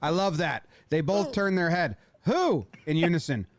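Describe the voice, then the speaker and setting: A man's voice: a little high, animated, normal speed. A man narrating a comedy video breakdown, playfully voicing the people on screen.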